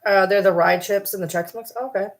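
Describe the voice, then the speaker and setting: A woman's voice: mid-range voice, steady tone, quick pace. Chatty woman talking casually with viewers. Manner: chatty, swears casually, baby-talks to her pets. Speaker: livestream host. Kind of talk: casual livestream chat.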